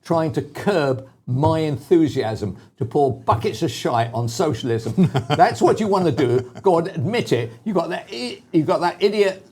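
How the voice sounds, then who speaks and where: A man's voice: fairly high pitch, animated, measured pace, few pauses, darkish tone, husky. A man co-hosting a casual talk show who rants bluntly and mockingly, often restarting his sentences. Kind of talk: casual opinion chat.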